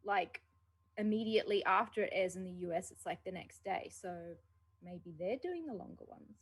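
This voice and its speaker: A woman co-hosting a casual podcast, relaxed and trailing off quietly. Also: on the low side, moderate pace, slightly rough. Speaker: podcast co-host. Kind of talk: casual chat.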